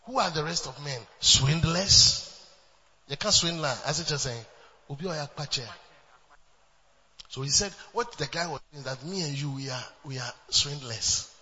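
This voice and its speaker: A man's voice: on the high side, unhurried, bright, forceful tone, in a large hall, muffled recording. A man preaching a sermon as pastor, emphatic, with repeated refrains and bursts of laughter.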